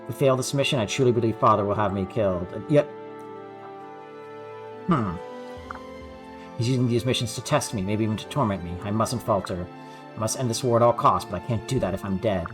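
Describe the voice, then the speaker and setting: A man's voice: lowish voice, a little fast, pauses often, music in the background, close to an everyday voice. A man reading an earnest young royal hero. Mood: resolute. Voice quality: formal, solemn delivery.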